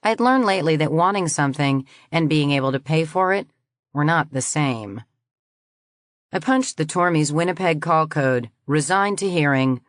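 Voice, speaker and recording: A woman narrating a science fiction audiobook in the first person, reading in a measured, even way. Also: deep voice, dry recording, clean studio sound.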